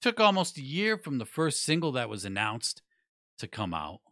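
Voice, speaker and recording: A man's voice: mid-range voice, very animated, normal speed, sharp tone, no echo, clean studio sound. A man giving a blunt, profane, rambling music review in casual chat. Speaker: music news vlogger.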